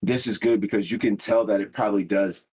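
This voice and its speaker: A young man co-hosting a podcast, talking in a halting, slangy way and restarting his sentences often. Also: on the low side, fairly even intonation, a little mellow, breathy edge. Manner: halting, repeats himself, slangy. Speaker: podcast co-host. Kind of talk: casual chat.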